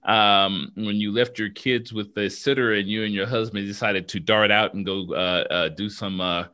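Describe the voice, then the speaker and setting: Bright, forceful low-voiced male podcast host. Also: fairly even intonation, moderate pace. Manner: chatty, prompting questions. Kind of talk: casual interview conversation.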